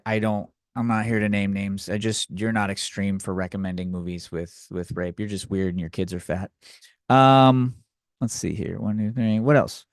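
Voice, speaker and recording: Solo on his comedy podcast, a young host launches into a foul-mouthed, sarcastic tirade. The recording is crisp and echo-free, capturing his mid-range voice.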